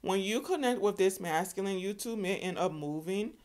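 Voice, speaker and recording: A woman's voice: mid-range voice, normal speed, darkish tone. A woman giving a spiritual tarot reading in an emphatic way, often checking in with the listener and calling them honey. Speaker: tarot reader.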